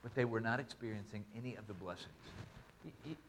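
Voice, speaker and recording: A pastor preaching a sermon, reading scripture and repeating points with emphasis. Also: male voice, on the low side, fast, a bit bright, slight background noise.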